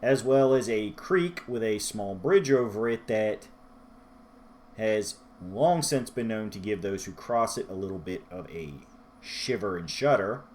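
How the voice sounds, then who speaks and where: A man's voice: fairly low pitch, animated, measured pace, darkish tone, slight background noise. A man talking through a book review in a rambling, self-deprecating vlog style. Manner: rambling, self-deprecating, loses his place in his notes.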